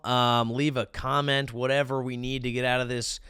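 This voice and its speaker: A young man hosting a comedy podcast, his bright voice coming across upbeat and jokey. The sound is crisp and clean, with a dry, close feel to the room. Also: mid-range voice, steady tone, no room sound. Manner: upbeat, jokey, quick asides. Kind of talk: casual podcast chat.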